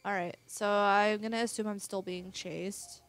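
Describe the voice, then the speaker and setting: A woman's voice: mid-range voice, fairly even intonation, a little slow, soft background music. A woman casually commenting on a horror game she is playing, reading its text aloud and swearing now and then. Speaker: let's play gamer.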